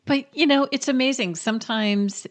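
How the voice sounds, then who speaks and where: A woman's voice: high voice, moderate pace. A woman co-hosting a podcast, reflecting on the story and then asking a question. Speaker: podcast co-host. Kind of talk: interview questions.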